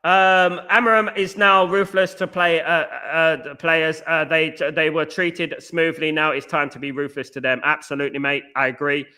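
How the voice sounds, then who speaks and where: Man, high-pitched, bright, argumentative, live-stream host. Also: normal speed, hardly any pauses, smooth. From East London. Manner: animated, argumentative, repeats "at the end of the day"; addresses chatters by name. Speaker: podcast host reading live chat. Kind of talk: casual live-stream commentary.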